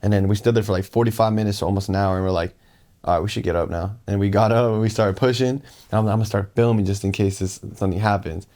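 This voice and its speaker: A young man, a guest, tells a story in casual chat, acting out the quotes in an animated way and saying "like" a lot. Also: lowish voice, fast talker. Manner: animated, acts out quotes, many "like"s. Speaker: guest, long-distance skateboarder. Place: small reverberant room. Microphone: lapel mic. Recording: small echoey room with background noise.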